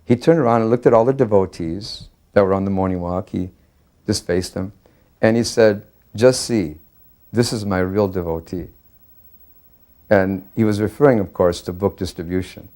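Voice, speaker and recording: An older man reminiscing in an interview, earnest and halting, with many fillers as he recalls a memory. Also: on the low side, mellow. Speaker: devotee sharing memories.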